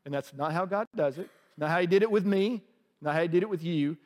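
A man's voice: sits high, fast, in a large hall. A male pastor preaching a sermon in a church, conversational and humorous, often asking the congregation questions. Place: church sanctuary.

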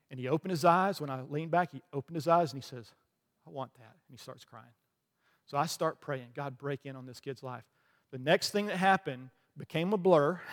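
A man's voice: on the high side, big-room sound. A man preaching from a platform, telling a dramatic story with quoted dialogue and joking asides. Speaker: pastor. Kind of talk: sermon.

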